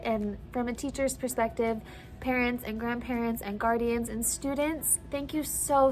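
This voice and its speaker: Teary, gushing woman teacher vlogging. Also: high-pitched. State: tearful. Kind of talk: casual vlog update.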